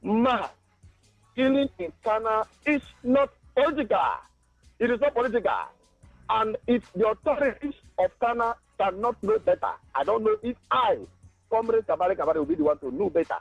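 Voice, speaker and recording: Guy on a call-in line, high pitched and gravelly, lots of ums, muffled with faint music. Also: no room sound. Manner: heated, halting with many fillers. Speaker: caller. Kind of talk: impassioned call-in.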